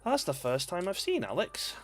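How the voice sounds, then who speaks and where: A man's voice: sits high, wildly swooping pitch, moderate pace, a bit bright. A man giving casual, rambling commentary while streaming a game, chatting and laughing often. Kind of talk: casual let's-play commentary. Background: faint game music.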